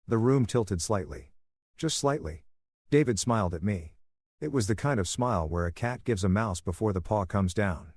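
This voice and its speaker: A man narrating a first-person story in a calm, soothing reading voice on a close mic. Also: fairly low pitch, moderate pace, no room sound.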